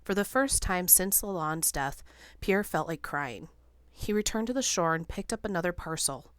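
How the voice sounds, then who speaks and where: A woman's voice: fairly low pitch, no echo. Woman narrating a story, dry and close. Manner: steady, measured storytelling. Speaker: audiobook narrator. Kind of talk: scripted narration.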